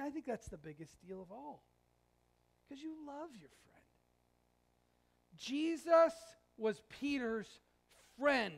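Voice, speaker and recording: A male pastor giving a sermon in a conversational, animated storytelling way with jokes. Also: extremely high pitch, creaky. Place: church sanctuary.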